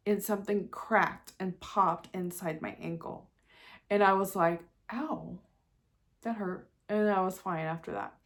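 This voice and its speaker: Bright-toned and medium in pitch, her voice stays steady and measured. The speaker, a woman who may be in her forties, chats candidly and emotionally to camera in a casual vlog, laughing at herself now and then.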